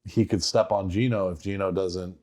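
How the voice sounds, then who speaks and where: Casting note: young male podcast co-host, slightly low voice, animated sports talk. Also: moderate pace. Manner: animated, mimics players with loud quoted outbursts. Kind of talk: casual sports chat.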